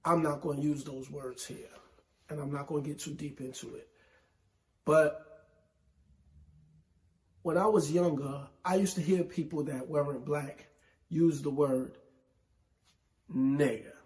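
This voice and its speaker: A man from New York City hosting a solo hip hop show, with a New York accent, talking slowly and emphatically in casual commentary. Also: a little high, steady tone, a little mellow. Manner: slow, emphatic, conversational with repetition. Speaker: podcast host.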